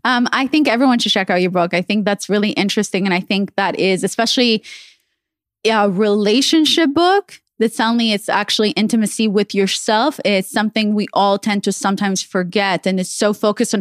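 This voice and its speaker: A woman hosting a podcast in casual conversation. She talks in a chatty, relaxed way with plenty of "like.". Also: mid-range voice, brisk, dry recording, studio quality. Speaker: podcast host.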